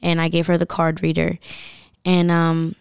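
A young woman with a low, gravelly voice tells a personal story in loose, chatty podcast talk. She fills her speech with likes and you-knows. The sound is close and dry. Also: completely flat delivery, moderate pace, a little mellow, no room sound. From United States. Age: young adult. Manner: chatty, full of fillers and likes. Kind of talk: casual storytelling chat.

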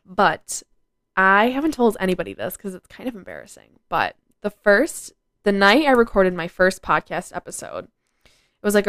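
A teen girl chats on her own podcast, rambling casually and saying "like" a lot. Her voice sits fairly low in pitch with a fairly bright tone. The recording is studio quality with no room sound.

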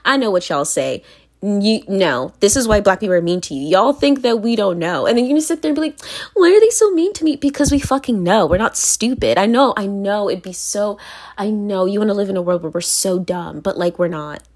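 A woman's voice: mid-range voice, lively intonation, brisk. A woman from Virginia talking straight to camera in a blunt, profane monologue, repeating phrases for emphasis and laughing between points. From Virginia, United States. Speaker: vlogger.

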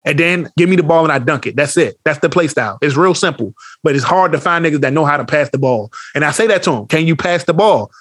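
A man talking at a rapid clip in casual podcast chat, his voice sitting a bit higher than most men's. He tells animated stories full of slang and swearing and acts out the lines of others. The sound is close and dry. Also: breathy edge, dry recording. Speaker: podcast co-host.

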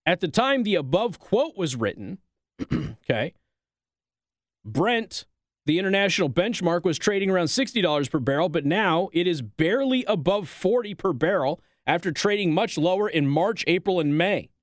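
A man with a fairly high voice delivers sarcastic commentary, reading headlines aloud and cutting in with mocking rhetorical questions. The recording is close and dry, with no room sound. His tone stays pointed and needling throughout. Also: expressive, normal speed, no room sound. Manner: reads articles aloud then interjects. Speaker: political commentary host.

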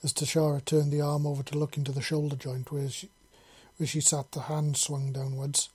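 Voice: medium pitch, level tone, normal speed, darkish tone, breathy edge. A narrator reading fan fiction aloud, unpolished, with slips and self-corrections.

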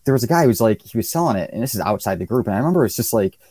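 A man in casual chat, agreeable and quick to chime in while telling his own story. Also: on the low side, animated, a little mellow, breathy edge, dry recording.

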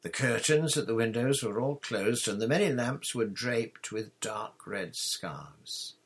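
A man narrating an audiobook in a measured, expressive reading. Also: medium pitch, breathy edge.

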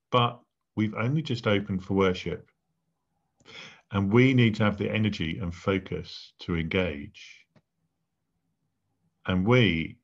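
A vicar preaches in a low voice at a very slow, deliberate pace, leaving pauses between his phrases. The recording sounds dull and lo-fi. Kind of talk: sermon.

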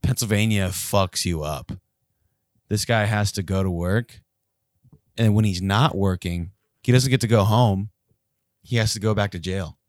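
A low-pitched man tells stories in loose, casual podcast chat. He swears freely and gets animated as he talks. The sound is dry and close, with no room around it. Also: measured pace, long pauses, no echo. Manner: profane, animated storytelling.

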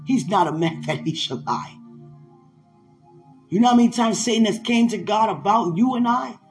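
Brief: emphatic male preacher, lifted voice, soft music behind. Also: high voice, expressive, normal speed. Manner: fervent, emphatic, laughs at times. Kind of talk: sermon-style podcast talk.

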